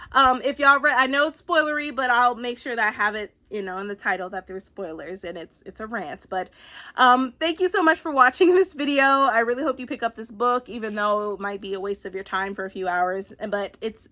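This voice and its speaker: A young woman giving a casual, animated book-review rant, exclamatory and swearing freely. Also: on the high side.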